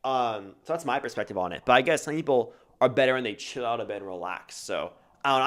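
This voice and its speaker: A man's voice: fairly low pitch, fast, fairly bright tone. A man streaming a reaction to a video, thinking aloud in a casual way with lots of fillers.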